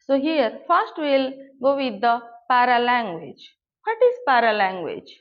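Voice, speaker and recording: A woman's voice: a little high, very animated, measured pace, dull audio. A woman giving a classroom lecture, explaining step by step with rhetorical questions and stressed words. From India.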